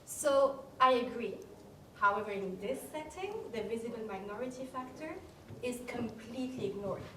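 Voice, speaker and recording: A woman in her forties asking a question from the audience, animated and talking in quick bursts. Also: on the high side. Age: 40s. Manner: animated, talks in bursts, laughs. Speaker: audience member. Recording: distant in a roomy room with background noise.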